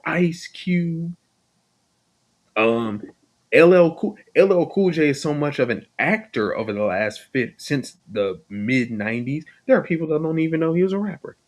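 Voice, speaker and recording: A man hosting a podcast in casual chat, talking in an animated, emphatic, argumentative way. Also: a little high, normal speed. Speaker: podcast host.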